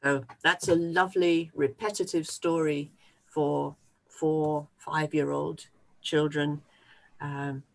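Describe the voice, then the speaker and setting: A storytelling workshop presenter speaks slowly and expressively, with a gravelly rasp in the voice. The talk moves between a story read aloud and teaching that stops for little restarts. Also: medium pitch, low-quality recording. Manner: slow, expressive, with fillers and restarts.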